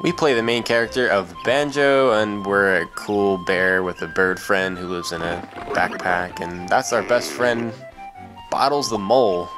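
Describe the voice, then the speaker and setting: A young man with a deep, low voice rambles through a video game, joking and filling gaps with ums and uhs. Loud game music plays under his casual commentary. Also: unhurried. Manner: rambling, joking, lots of fillers. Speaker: let's play commentator.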